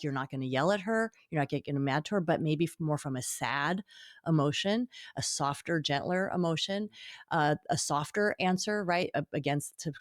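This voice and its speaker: A woman's voice: sits low, no echo, clean studio sound. A woman co-hosting a podcast about marriage and faith, talking earnestly and slipping into quoted lines. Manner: earnest, acts out quoted lines in lively voices. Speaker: podcast co-host. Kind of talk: casual conversation on marriage and faith.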